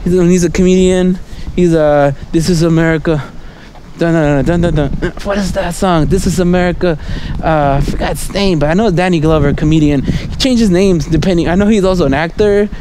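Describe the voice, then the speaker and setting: Against background noise, a man with a high-pitched voice talks fairly quickly as he vlogs on a city street at night. His monologue rambles casually from thought to thought, full of "right?" and "you know?" and little chuckles.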